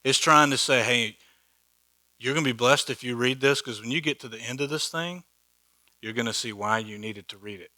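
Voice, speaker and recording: A man's voice: medium pitch, moderate pace, bright, forceful tone. A man teaching a Bible study in a church hall, conversational and joking, with many rhetorical questions.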